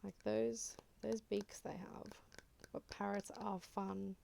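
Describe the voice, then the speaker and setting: Gravelly soft-spoken Australian woman. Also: medium pitch, little pitch movement, takes it slowly, slight background noise. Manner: rambling, chatty, drifting in and out of whisper. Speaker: ASMR creator. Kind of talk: soft-spoken ASMR chat.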